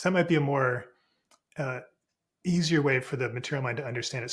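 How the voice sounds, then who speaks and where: A man, a spiritual teacher and podcast guest, explaining ideas in a relaxed, unhurried way with frequent restarts. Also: medium pitch.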